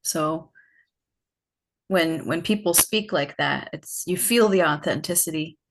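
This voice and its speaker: A woman guest on a podcast, telling a personal story in a reflective, unhurried way with many fillers. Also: low voice, creaky, background noise. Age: adult, older than her teen years. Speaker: podcast guest, healing facilitator. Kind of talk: personal storytelling in casual conversation.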